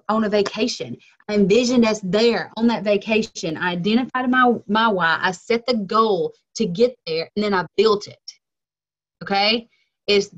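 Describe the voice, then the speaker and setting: A woman on a video call speaking earnestly and with drive about goals, urging others to dig deeper. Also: lo-fi sound. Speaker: team member on a video call. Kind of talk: motivational talk on a video call.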